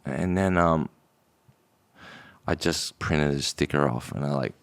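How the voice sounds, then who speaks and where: A man's voice: very deep voice, fairly even intonation, moderate pace, vocal fry, long pauses. A man from Australia telling his business story in a casual podcast chat, rambling, with slang and swearing. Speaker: guest, drinks brand founder.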